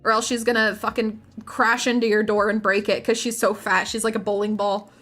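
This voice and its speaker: A woman's voice: medium pitch, flat delivery, a little fast, a bit bright, faint music behind. A woman streamer chatting casually to her viewers while painting miniatures, rambling, giggling and often restarting her sentences.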